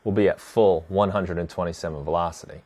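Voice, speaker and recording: Low-voiced man teaching drum sequencing. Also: fast, over loud music. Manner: relaxed, chatty, answers viewer questions while demonstrating. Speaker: music production instructor. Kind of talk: live-streamed tutorial.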